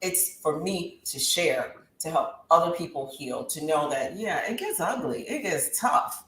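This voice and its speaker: A woman's voice: sits low, lively intonation, measured pace, fairly bright tone. A woman in her thirties giving an impassioned testimony in an interview, with a preacher-like rise and fall. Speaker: guest talk show host. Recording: roomy echo with faint background hiss.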